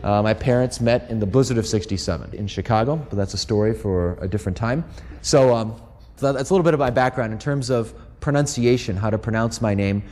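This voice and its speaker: A man's voice: fairly low pitch, brisk, slight background noise. A middle-aged American man giving a Catholic talk to a live audience, telling stories and acting out the voices of people he quotes. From United States. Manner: lively storyteller who acts out quoted voices. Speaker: Catholic speaker. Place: large hall. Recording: long hall reverb.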